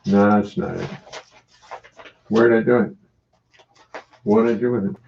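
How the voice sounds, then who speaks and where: Gravelly older man, rambling wry chat. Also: lowish voice, a little slow, a little mellow, lo-fi sound, a little hiss or hum. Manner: rambling, wry, greets viewers by name. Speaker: musician hosting a home livestream. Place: his home.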